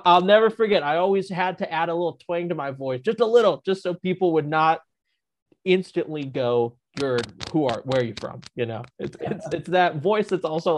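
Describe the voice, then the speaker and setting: A man's voice: fairly high pitch, a little hiss or hum. A man from northern Ohio, a former reporter, chatting on a podcast and telling rambling stories full of restarts. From northern Ohio, United States. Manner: rambling storyteller, many restarts. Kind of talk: casual chat.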